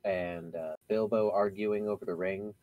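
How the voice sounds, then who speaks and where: A man's voice: sits low, fairly even intonation, measured pace, no echo, narrow, tinny audio. A man playing in a tabletop game, chatting casually and teasing the others.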